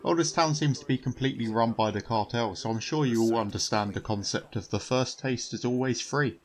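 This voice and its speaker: A man's voice: medium pitch, a little fast, few pauses. A man giving joking commentary over a video game in a dry, sarcastic manner. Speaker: gaming channel host.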